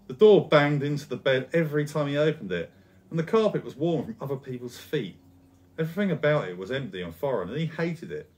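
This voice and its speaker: A man narrating a scripted story in a steady, descriptive reading. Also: mid-range voice.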